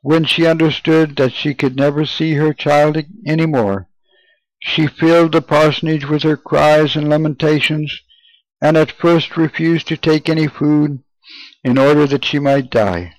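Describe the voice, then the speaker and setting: A man reading an old first-person memoir aloud in a measured, solemn way. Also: on the high side, steady tone, dry recording, rough recording. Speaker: reader. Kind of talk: audiobook narration.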